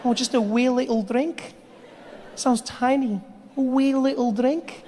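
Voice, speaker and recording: A man's voice: very high-pitched, level tone, fairly quick, dark tone, slight background noise, voice pushed up. A man voicing a cheery Scottish drinking buddy who coaxes and persuades in a friendly way. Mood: coaxing.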